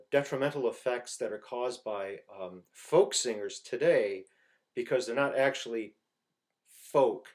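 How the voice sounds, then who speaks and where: Slow-talking male singing teacher. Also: medium pitch. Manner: slow, halting explanation broken by loud sung phrases. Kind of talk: informal singing lesson with sung demonstrations.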